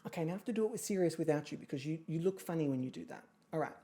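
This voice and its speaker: A woman's voice: racing, hardly any pauses, dark tone. Chatty woman streamer. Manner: chatty, jokey, swings into squealing high voices. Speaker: streamer hosting an online model competition. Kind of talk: casual livestream chat. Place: home streaming setup with a pet nearby.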